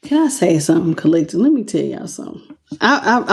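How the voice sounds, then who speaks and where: A woman's voice: fairly low pitch, very animated, quick pace, vocal fry. A woman giving a casual tarot reading to camera. She talks straight to her viewers in loose slang and sounds moved by what she is reading. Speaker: tarot reader.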